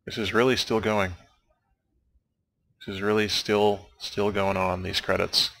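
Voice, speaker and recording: Low, gravelly man rambling over credits. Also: flat delivery, measured pace, fairly bright tone. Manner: wry, dry jokes, meandering asides. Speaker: let's play commentator. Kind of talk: casual rambling commentary over game credits.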